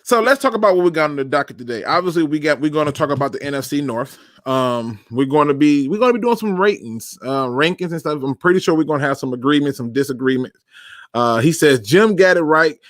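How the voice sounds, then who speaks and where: A man hosting a casual sports talk livestream, animated and self-deprecating, with a loose slangy delivery. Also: fairly high pitch, fast, no echo, studio quality. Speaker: podcast host.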